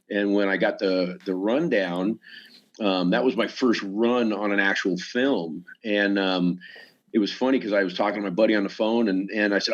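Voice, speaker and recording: A stuntman appearing as a podcast guest tells casual stories with animation, performing the quoted lines himself. His voice is on the low side, and the sound is lo-fi.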